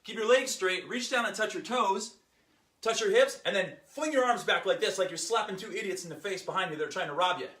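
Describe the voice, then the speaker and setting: A man hosting a fitness show, leading an exercise demo and then chatting in an energetic, jokey, rambling way, a little out of breath. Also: high voice, a little fast, husky. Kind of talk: exercise demo and casual podcast chat.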